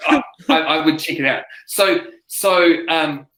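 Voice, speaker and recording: A man's voice: fairly high pitch, unhurried. A man, a speaker coach chatting as an interview guest, telling stories animatedly with frequent restarts. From New Zealand. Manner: animated storyteller, acts out quotes, many restarts. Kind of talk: casual interview chat. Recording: roomy echo.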